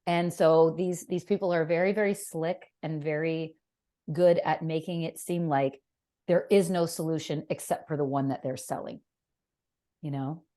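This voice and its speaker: A woman's voice: low voice, moderate pace. A woman in her fifties, a fitness professional, talking animatedly and bluntly as a podcast guest. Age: 50s. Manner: animated, emphatic, blunt with swearing. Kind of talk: casual interview chat.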